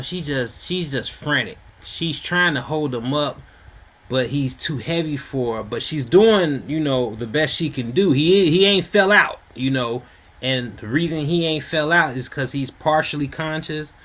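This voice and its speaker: A man's voice: medium pitch, a bit bright. A man telling a street story in a loose, rambling way, full of slang and fillers. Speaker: storyteller host. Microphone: home mic.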